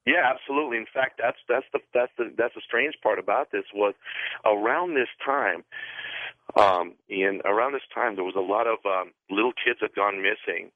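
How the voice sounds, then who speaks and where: A man from the Pacific Northwest calling into a radio show, telling a story in a halting way, restarting and repeating words. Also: on the low side, dry recording. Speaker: caller. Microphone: telephone. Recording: narrow phone line.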